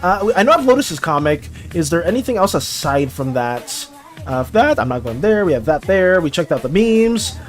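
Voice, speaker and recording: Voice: mid-range voice, very animated, normal speed, faint music behind. An art streamer chatting casually with viewers during a live stream, full of playful mock outrage and chatty filler.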